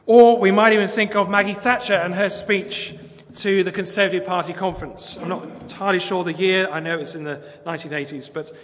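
A man's voice: high voice, fairly even intonation, fairly quick, fairly bright tone. A man with an English accent preaching a sermon in church, chatty and hesitant with fillers, then declaiming the quotes he reads. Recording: long church reverb.

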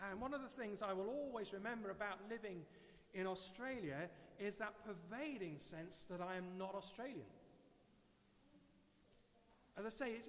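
Middle-aged English man preaching, high voice, chatty and digressive, long church reverb. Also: slight background noise. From England. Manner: conversational, digressive, repeats words. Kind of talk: sermon.

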